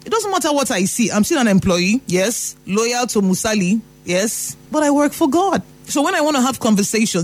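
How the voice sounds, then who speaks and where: A Nigerian man giving an emphatic motivational talk, repeating phrases for emphasis. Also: sits high. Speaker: motivational speaker.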